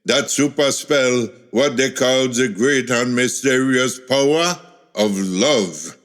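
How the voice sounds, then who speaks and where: A man's voice: medium pitch, slow, a bit bright. A man telling a folksy tale in a rhythmic spoken-word style. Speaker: storyteller.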